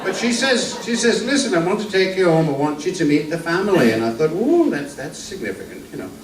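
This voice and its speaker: Casting: an older man putting on a wry, rambling old vaudeville comic with a higher voice, heard from a distance on an echoey stage. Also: very animated, a little fast. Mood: wry patter. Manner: rambling, hesitant patter with stammered restarts. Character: old male music-hall comedian, henpecked and wry. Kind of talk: vaudeville stand-up routine. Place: theater stage. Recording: echoey stage from a distance, faint room noise.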